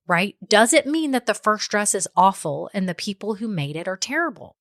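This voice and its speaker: Lady podcaster chatting about business, mid pitch, keeps saying okay right, super dry close mic. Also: lively intonation, brisk, hardly any pauses, fairly bright tone, no echo. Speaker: podcast host. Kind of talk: solo business advice talk.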